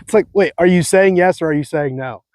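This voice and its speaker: Man, high-ish voice, dry close sound, animated rambling chat, self-mocking. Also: brisk, no echo. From California. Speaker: vlogger. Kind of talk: casual monologue.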